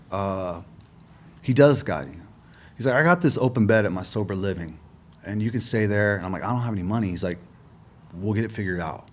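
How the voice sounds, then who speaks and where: A middle-aged man appears as a podcast guest in a casual interview, telling his story, acting out the dialogue and swearing freely. His lowish voice is expressive and darkish in tone, and he speaks fairly quickly.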